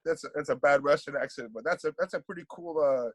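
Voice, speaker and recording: A man's voice: a little high, fast, no room sound, low-quality recording. A middle-aged man from Panama, a guest in a casual podcast interview, talking animatedly and often repeating words as he thinks.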